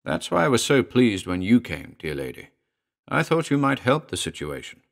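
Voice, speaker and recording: A man voicing a smooth, oily middle-aged gentleman who talks down in a soothing, condescending way. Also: medium pitch, sing-song, moderate pace, voice pushed up. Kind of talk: audiobook character reading.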